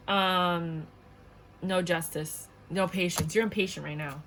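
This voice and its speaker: A woman's voice: lowish voice, fairly even intonation, measured pace, background noise. A woman giving a casual tarot reading to viewers, blunt and outspoken, swearing often and repeating her points with indignant emphasis. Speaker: tarot reader.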